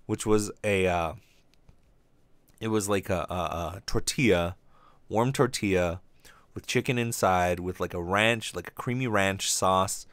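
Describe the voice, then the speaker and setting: A man's voice: lowish voice, clean tone, dry recording. A man from Hawaii hosting a casual solo podcast, rambling and swearing freely as he rants. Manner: rambling, profane, animated. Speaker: podcast host.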